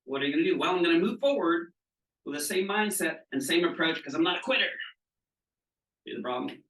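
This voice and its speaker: A man's voice: on the high side, animated, a little fast, fairly bright tone, recorded from a distance. A middle-aged man leading a wellness training session to an audience, chatty and casual, often asking whether his listeners follow. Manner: casual, frequent checking questions. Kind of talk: live seminar talk. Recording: echoey room, voice from off mic.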